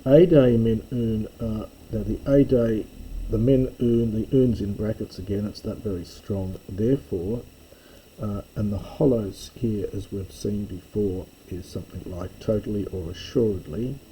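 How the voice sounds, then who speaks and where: A man teaching a slow reading lesson, explaining each word in turn with frequent pauses and fillers. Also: on the low side, steady tone, warm tone, slight background noise, poor audio. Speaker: Greek teacher.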